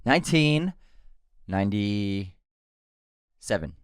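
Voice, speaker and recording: A man co-hosting a podcast in easygoing casual chat, quick to exclaim when surprised. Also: lowish voice, lively intonation, clean tone, dry recording, studio quality. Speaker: podcast co-host.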